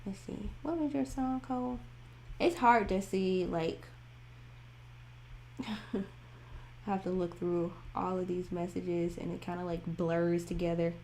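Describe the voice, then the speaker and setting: A woman's voice: on the low side, steady tone, unhurried, pauses often, darkish tone, a little hiss or hum. A woman hosting a music reaction livestream, chatting casually, laughing often and thinking aloud as she reads viewer messages.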